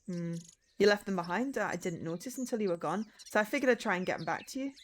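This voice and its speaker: A woman's voice: mid-range voice, lively intonation, fast talker, slight background noise, close to an everyday voice. A woman voicing a curt young male student with a put-on Cockney accent, in a game read-through.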